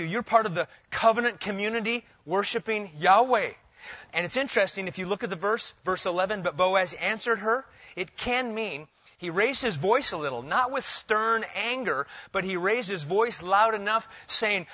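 Male pastor, lively sermon delivery, higher voice, slightly dull lo-fi recording. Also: normal speed, no room sound. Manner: animated preaching, asks the congregation questions.

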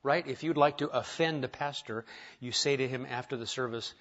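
A man preaching a sermon to his congregation, conversational and self-deprecating, moving from quiet asides to emphatic points. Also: medium pitch, fairly even intonation, a little fast, muffled recording. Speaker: pastor. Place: church sanctuary.

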